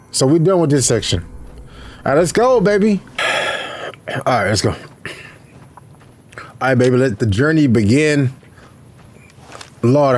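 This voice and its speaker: A young man casually commentating as he plays a game, profane and excitable, talking to his viewers and yelping when he panics. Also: mid-range voice, slight background noise. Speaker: gaming YouTuber. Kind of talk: casual let's play commentary. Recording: loud game music behind voice. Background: game music and sound effects.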